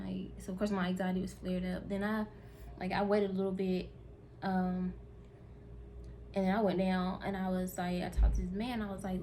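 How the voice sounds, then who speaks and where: A woman's voice: mid-range voice, fairly even intonation, moderate pace, warm tone, a little hiss or hum. A woman from North Carolina, chatting candidly and directly to her viewers in a casual vlog. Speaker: vlogger.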